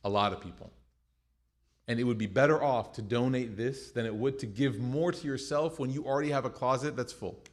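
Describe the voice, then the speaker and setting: An American man in his young adult years leads a class in a loose, conversational way. He keeps things light with jokes and lively retold anecdotes, and his voice sits at an ordinary middle pitch. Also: fairly quick. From United States. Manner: conversational, joking, animated retelling. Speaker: teacher. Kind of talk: class lecture with storytelling.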